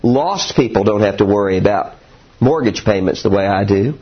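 A man's voice: fairly low pitch, moderate pace, breathy edge. A man preaching a sermon in an earnest, storytelling way, recorded dull and lo-fi. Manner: earnest, animated storytelling with acted quotes.

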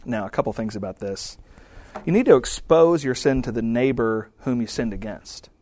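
A man's voice: medium pitch, expressive, moderate pace, darkish tone, no room sound. A married man preaching a sermon in a conversational style, often acting out quoted prayers and remarks. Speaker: pastor.

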